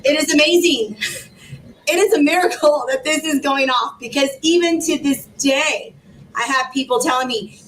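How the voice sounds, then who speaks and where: A woman in her forties, a guest telling her personal story with animated laughter and emotion. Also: normal speed, far from the mic, slight background noise, poor audio. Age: 40s. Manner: animated, laughing, rising into high exclaims. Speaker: guest, foundation founder.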